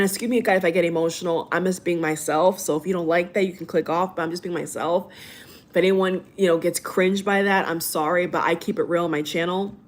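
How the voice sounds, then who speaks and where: A woman in her late twenties speaks in a somewhat low voice, telling a personal memory to her viewers. She is earnest and emotional, and she keeps restarting and repeating her phrases as she searches for the right words. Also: steady tone, brisk. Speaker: spiritual channel host. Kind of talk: heartfelt personal monologue.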